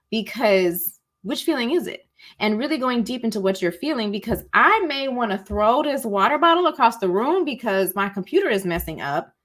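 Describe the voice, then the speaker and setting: A woman's voice: mid-range voice, sing-song, brisk. A woman hosting an online masterclass on emotions, chatty and colloquial, saying "y'all" and acting out example feelings in little voices. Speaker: masterclass host. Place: at home, cozy setting.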